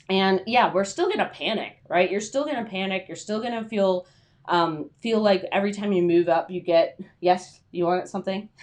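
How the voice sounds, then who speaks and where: A woman giving a casual livestream talk on freelance writing, chatty with many fillers, acting out anxious inner voices. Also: on the low side.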